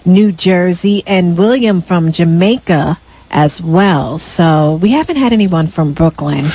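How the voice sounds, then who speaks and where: A woman's voice: on the low side, animated, warm tone, breathy edge, dry recording. Hesitant woman co-hosting live radio. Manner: hesitant, halting, reads caller names. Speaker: radio talk show co-host. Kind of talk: live call-in radio talk.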